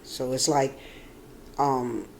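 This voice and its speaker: A woman vlogging in casual talk, rambling and animated, dropping from quiet and low to loud outbursts, swearing freely. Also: very slow, gravelly. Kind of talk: casual storytelling.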